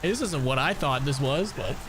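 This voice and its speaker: A man's voice: a little high, expressive, brisk, background noise. A man in his twenties, a gaming streamer, chatting casually during gameplay, rambling and swearing a lot with frequent laughs. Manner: rambling, profane, laughs often. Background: background music.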